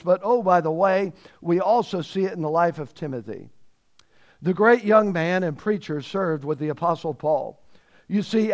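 A man preaching a sermon, emphatic, repeating words and asking rhetorical questions of his listeners. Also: sits high.

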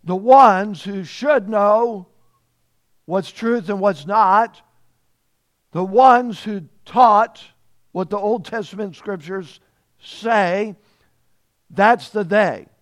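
A man preaching a sermon as pastor, emphatic and repeating phrases, growing louder on key points. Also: sits high, drawn-out words, long pauses.

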